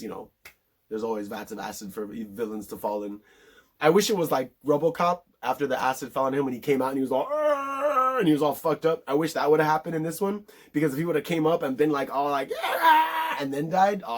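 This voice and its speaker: A man casually recapping a movie in a rambling, profane way, full of filler words. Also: mid-range voice. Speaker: film reviewer.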